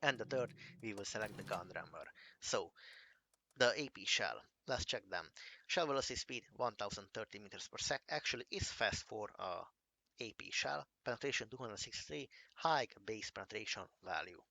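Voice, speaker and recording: Male game reviewer, gravelly and bright, keen but halting delivery. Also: on the low side, lively intonation, no room sound. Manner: enthusiastic, repeats "amazing", halting restarts. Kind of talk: casual gameplay commentary.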